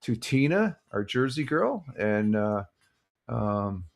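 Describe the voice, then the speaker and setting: A man's voice: lowish voice, very animated, takes it slowly, vocal fry. An older man hosting a casual morning live stream, rambling through sports results and greeting viewers in the chat with many fillers. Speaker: livestream host.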